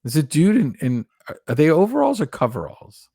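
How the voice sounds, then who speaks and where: A man's voice: fairly high pitch, wildly swooping pitch, fairly quick, dark tone, no room sound, studio quality. A man co-hosting a podcast, chatting casually in an earnest, reflective way and thinking aloud with restarts. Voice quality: gravelly. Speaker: podcast co-host. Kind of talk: casual chat.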